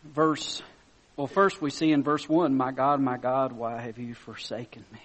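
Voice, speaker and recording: A man preaching a sermon, reading scripture softly and then rising to loud, excited emphasis, chuckling between points. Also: mid-range voice, measured pace.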